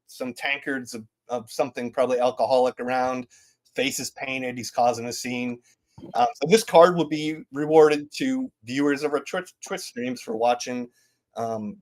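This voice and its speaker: A man in his thirties casually presenting game updates at a community town hall, rambling with lots of fillers and restarts. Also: medium pitch.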